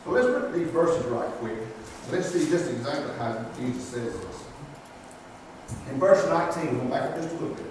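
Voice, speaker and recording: A man's voice: mid-range voice, big pitch swings, moderate pace, darkish tone. A man, preaching a folksy, plain-spoken sermon and asking the congregation rhetorical questions. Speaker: pastor. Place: church sanctuary. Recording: echoey hall from far off, faint noise.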